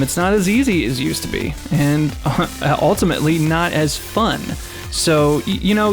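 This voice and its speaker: A young man hosting a casual podcast, chatty, laughing often and using lots of fillers. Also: on the high side. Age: young adult. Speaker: podcast host.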